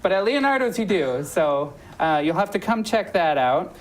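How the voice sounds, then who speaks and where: A woman's voice: on the low side, sing-song, moderate pace, poor audio. A woman hosting a local talk show, chatting casually with lots of ums and restarts. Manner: chatty, many ums and self-corrections. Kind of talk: casual promotional chat.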